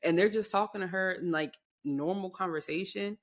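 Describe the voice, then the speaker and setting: A woman's voice: fairly low pitch, moderate pace. A woman in her thirties co-hosting a podcast, telling stories in a chatty, slangy way. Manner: chatty, drops slang, animated storytelling. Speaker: podcast co-host. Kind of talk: casual chat.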